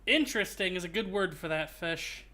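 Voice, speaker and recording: A male streamer chatting casually while playing, his voice bright and clear. He rambles in a joking way, often restarting his phrases mid-sentence. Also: high-pitched, normal speed. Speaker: streamer host. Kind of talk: casual gaming stream chat.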